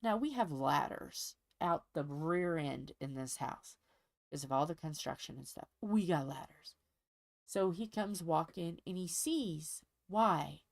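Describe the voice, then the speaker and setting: A woman's voice: fairly low pitch, no echo. A woman hosting a diamond painting channel, chatting casually while she crafts and telling a rambling, folksy story from home.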